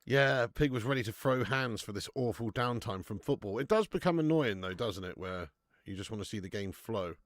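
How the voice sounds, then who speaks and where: Excitable man on a dry mic. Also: lowish voice, fairly quick, no echo. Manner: excitable, swears, reads chat comments aloud. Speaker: live-stream host. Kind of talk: casual football watch-along commentary.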